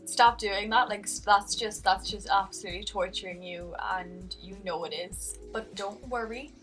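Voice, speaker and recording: A woman's voice: medium pitch, normal speed, a bit bright, far from the mic, faint music behind. A young adult woman, talking earnestly in a casual vlog, rambling a little and restarting her sentences. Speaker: vlogger.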